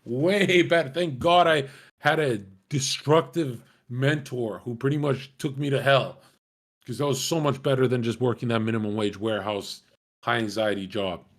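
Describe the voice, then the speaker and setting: A man's voice: mid-range voice, fairly even intonation, moderate pace. A young man telling personal stories in a casual, candid way, swearing freely and laughing now and then.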